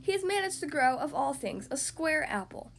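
Storybook king with a high, bright voice, put on by a woman reader, proclaiming grandly to a crowd. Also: lively intonation, normal speed, gravelly. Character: pompous male king of a silly land.

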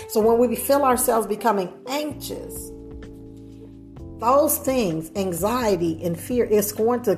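A woman's voice: mid-range voice, creaky, darkish tone. A woman preaching a sermon earnestly, putting rhetorical questions to her listeners.

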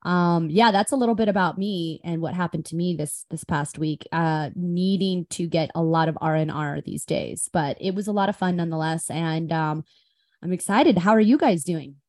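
A woman's voice: fairly low pitch, normal speed, darkish tone, no room sound, clean studio sound. A woman podcast co-host in casual chat, rambling and easygoing with many fillers.

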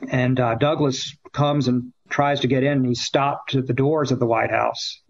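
A male guest tells a story in an unhurried, conversational way, pausing often on fillers and restarting his sentences. His voice sits at an ordinary pitch. The recording sounds muffled and lo-fi. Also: flat delivery. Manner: halting, with frequent fillers and restarts.

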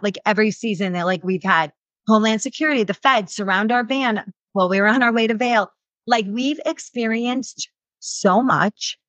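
A woman in her thirties, a reality show cast member, answering interview questions in casual, animated speech full of "like" fillers. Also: medium pitch, normal speed, no room sound. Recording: dull lo-fi sound.

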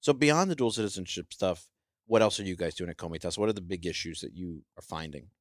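Host, deep-ish male voice, relaxed, dry close mic. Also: quick pace, no room sound. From New York. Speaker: podcast host. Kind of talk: casual conversation.

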